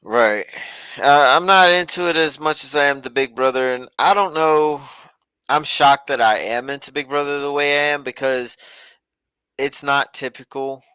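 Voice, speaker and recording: A man with a smooth, resonant voice rambles along in a casual, folksy podcast chat. He sounds close and dry, with no room around him. His pitch sits in a middling range. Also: normal speed, pushed and bright, no room sound. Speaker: podcast co-host. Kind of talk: casual chat about a reality show.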